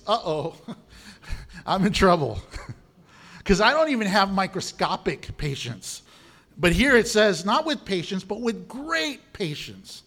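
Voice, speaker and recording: Middle-aged man, pastor, high voice, lively humorous preaching. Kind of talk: sermon.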